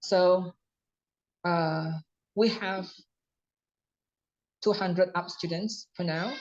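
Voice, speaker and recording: A man's voice: high voice, steady tone, very slow. Polite Indonesian man on a muffled call. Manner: polite, eager, many fillers. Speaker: English course teacher, host. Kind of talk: casual video call interview. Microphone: video call. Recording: dull muffled call audio.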